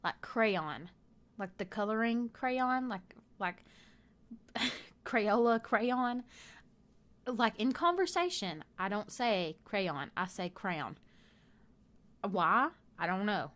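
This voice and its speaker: A woman's voice: medium pitch, fairly bright tone. A young woman with a Southern US accent, chatting casually and rambling off topic while narrating her game build. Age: young adult. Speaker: gaming video creator.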